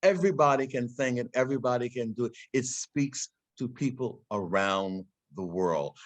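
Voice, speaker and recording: A man's voice: mid-range voice, normal speed, dry recording. An older man giving an impassioned, preaching talk to guests in a house gallery, repeating words as he builds to emphatic peaks. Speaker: invited speaker. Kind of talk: impassioned address.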